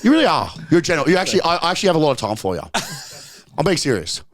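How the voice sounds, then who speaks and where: A man's voice: fairly high pitch, sing-song, rapid-fire. A man, a podcast guest and strength coach, talking brashly and boastfully in casual chat, joking and swearing freely, right up on the microphone. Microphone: very close to the microphone.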